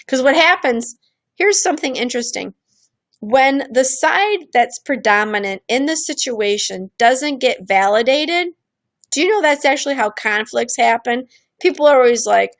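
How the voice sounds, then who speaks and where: A woman with a gravelly, fry-laden voice hosts a streamed show, explaining ideas in a loose, candid way. She keeps slipping into little acted-out voices when she quotes people, and she often restarts her sentences. The sound is dry and close, with no room around it. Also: fairly high pitch, lively intonation, unhurried, dry recording. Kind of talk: casual explanatory talk.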